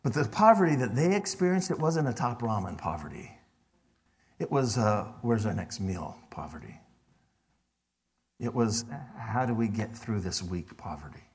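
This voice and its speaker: A middle-aged man preaching a sermon as pastor, in a conversational way that drops to hushed tones for emphasis. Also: lowish voice, very animated, moderate pace.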